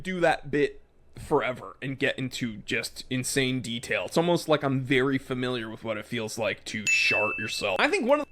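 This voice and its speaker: A man in a played clip, ranting loudly with crude jokes. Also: mid-range voice, big pitch swings, normal speed. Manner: loud, yelling bits, crude joking. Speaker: video commentator. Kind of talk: ranting monologue.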